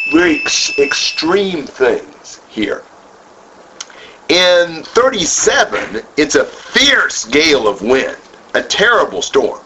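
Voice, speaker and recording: Slow, lively-pitched man leading a Bible study. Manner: asks the group questions, then repeats and expands on their answers. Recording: dull lo-fi room recording with faint noise.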